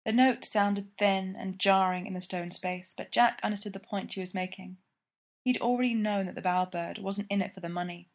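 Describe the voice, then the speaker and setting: A woman reading a story aloud with calm, even narration. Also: mid-range voice, moderate pace. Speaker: audiobook reader.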